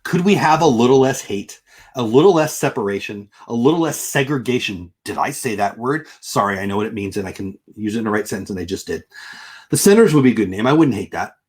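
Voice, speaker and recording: A middle-aged man on a casual livestream, talking straight to his viewers and answering their chat. His voice is slightly husky and swings widely in pitch as he rants in disbelief. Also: fast. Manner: exasperated, ranting, animated. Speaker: livestream host reading chat.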